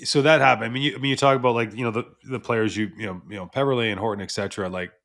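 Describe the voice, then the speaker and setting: Quick gravelly host guy, bright edgy voice, lots of you knows, sounds a bit off mic. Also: mid-range voice, fairly even intonation. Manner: fast, chatty questions with repeated fillers. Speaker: podcast host. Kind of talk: casual podcast interview.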